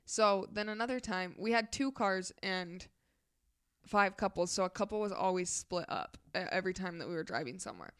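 Young woman podcast co-host, animated storyteller, mid-pitched, giggly. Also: normal speed, clean tone, no echo, studio quality. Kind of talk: casual chat.

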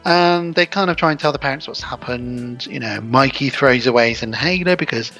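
Male co-host, gravelly, chatty, faint music under it. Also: medium pitch, brisk, bright, forceful tone. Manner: chatty, acts out movie lines in silly voices. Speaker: podcast co-host. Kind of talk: casual film chat.

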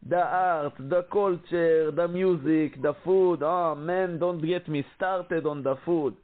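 A man voicing a show announcer in an exaggerated, heavy Israeli accent, slow and theatrical. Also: on the high side. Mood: grandiose. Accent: heavy put-on Israeli. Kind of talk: show intro voice-over. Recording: tinny phone-like sound.

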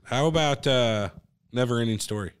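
A man's voice: mid-range voice, moderate pace, smooth. A man co-hosting a podcast, casually swearing as he calls out the films they discuss. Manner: laid-back, profane, picks the films. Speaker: podcast co-host. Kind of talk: casual chat.

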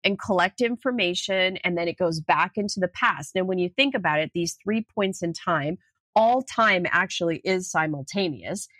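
A middle-aged woman speaking as a podcast guest in casual conversation, animated and storytelling. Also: on the low side, moderate pace, dry recording. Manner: animated storyteller, acts out voices in anecdotes. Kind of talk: casual interview chat.

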